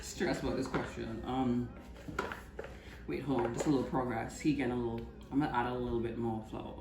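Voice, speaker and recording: A Trinidadian woman in her twenties telling stories and chatting casually while she cooks, going quiet for cooking asides. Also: extremely low pitch, fairly even intonation, brisk, echoey room, noisy background. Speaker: channel host cooking. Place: home kitchen.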